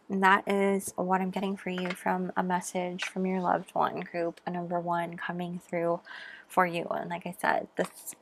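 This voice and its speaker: A woman giving a pick-a-card tarot reading, gentle and musing, with frequent ums and soft asides. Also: lowish voice, completely flat delivery, measured pace, gravelly.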